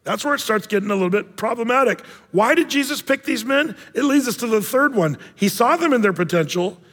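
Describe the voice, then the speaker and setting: A male pastor preaching in a church with a high, bright voice, animated and joking as he tells stories. The sound carries a long reverb from a big room. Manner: animated, jokey storytelling with acted-out voices. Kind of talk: sermon.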